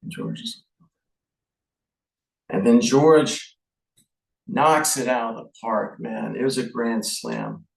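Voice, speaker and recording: A man giving a casual, halting movie review, slow and full of fillers and restarts. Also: mid-range voice, expressive, vocal fry, recorded from a distance. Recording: echoey room, off-mic.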